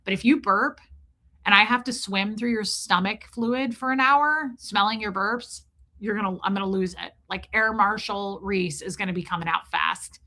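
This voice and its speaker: A woman hosting a livestream, telling a comic story in a casual, profane, animated way and calling out viewers in the chat by name. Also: medium pitch, normal speed. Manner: animated, profane, ranting, reads chat names aloud. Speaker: livestream host.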